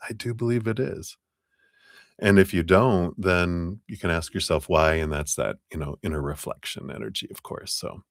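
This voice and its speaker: A man giving casual live tarot readings on a stream, talking in a gentle, rambling, encouraging way. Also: deep voice, no room sound, studio quality. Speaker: tarot reader.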